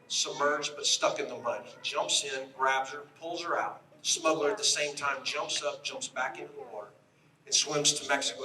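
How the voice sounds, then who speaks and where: A middle-aged man gives an emphatic storytelling speech at an outdoor rally. His voice is forceful and bright, and he often turns to address the crowd directly. He stands back from the microphone, so the sound comes across echoey and distant. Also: on the high side. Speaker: rally speaker, retired state police officer.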